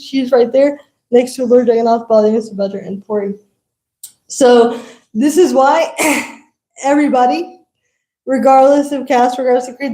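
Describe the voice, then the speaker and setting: A woman's voice: sits high, dark tone, roomy sound, rough recording. A woman giving a devotional talk, telling a story animatedly and laughing often. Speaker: devotional speaker.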